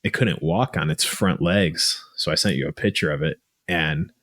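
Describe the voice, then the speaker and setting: A man's voice: extremely low pitch, normal speed, fairly bright tone, no echo, studio quality. A man co-hosting a podcast, telling casual stories in a laid-back way, swearing and laughing often. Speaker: podcast co-host. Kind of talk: casual chat.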